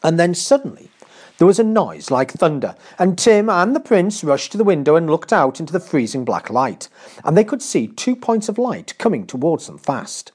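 Lively man reading a storybook. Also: fairly high pitch, normal speed, breathy edge. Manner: expressive, dramatic, pace shifting with the action. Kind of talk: storybook narration.

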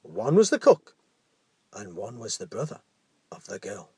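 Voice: sits low, big pitch swings, measured pace, dark tone, slightly rough, no echo. A storyteller telling a children's tale dramatically, dropping into whispers for suspense.

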